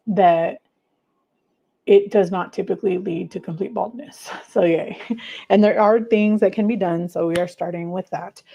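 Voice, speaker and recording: A woman's voice: lowish voice, vocal fry, mellow, lo-fi sound. Chatty woman hosting a livestream. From United States. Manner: chatty, gushing, many fillers, reads viewer comments aloud. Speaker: livestream host. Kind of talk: casual livestream chat.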